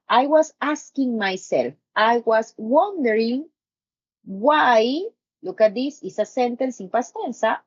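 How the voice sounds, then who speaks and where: A woman runs an English grammar lesson at a slow, deliberate pace, her pitch sitting fairly high. She repeats example questions and keeps checking in with her listeners. The audio is dull and dry, like a basic stream mic. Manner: explains slowly, repeats examples, asks "no?" often. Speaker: English teacher.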